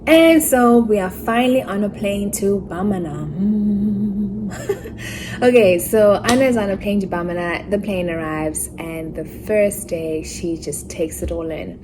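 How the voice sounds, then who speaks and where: Woman from Africa, book reviewer, middle pitch, animated chatty rant with mock-outraged asides. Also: background noise. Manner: acts out characters' lines in quick asides.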